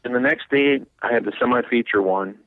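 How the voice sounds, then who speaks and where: A man's voice: mid-range voice, fairly quick, no echo, phone-quality sound. A race car driver in his fifties, from Wisconsin, telling a long rambling story in a radio interview, laughing and repeating words as he gets going.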